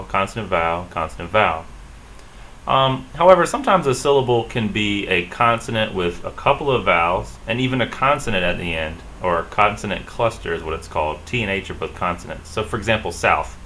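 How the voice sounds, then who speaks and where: Man from South Carolina, Spanish teacher, slow patient delivery, bright lowish voice. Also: slight background noise, poor audio. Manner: slow, patient, repeats example words. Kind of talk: classroom lesson on pronunciation.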